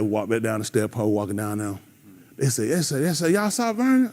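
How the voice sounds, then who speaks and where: A man's voice: mid-range voice, sing-song, a little fast, vocal fry, long pauses. A man hosting a radio talk show, telling stories and giving advice to young listeners, acting out the voices in his stories and laughing often.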